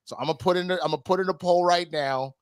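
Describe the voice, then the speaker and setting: A man's voice: sits high, fast, clear, resonant tone. A man co-hosting a casual podcast with a laid-back, chuckling delivery. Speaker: podcast co-host. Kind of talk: casual chat.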